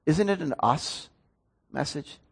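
A man's voice: on the high side, animated, slow pace, creaky, slightly rough. A man, a pastor preaching a sermon in an earnest, storytelling way. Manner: earnest, storytelling with rising emotion.

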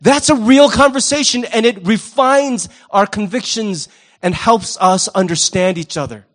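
A male pastor preaching a sermon in an animated, wry way, often jumping into quoted voices. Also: sits high, unhurried.

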